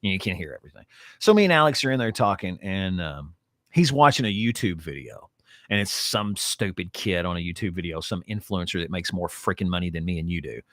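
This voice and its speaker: A man co-hosting a casual podcast, telling stories in an animated, ranting way and repeating himself for emphasis. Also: sits low, a little fast, no room sound, studio quality. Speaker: podcast co-host. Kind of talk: casual chat.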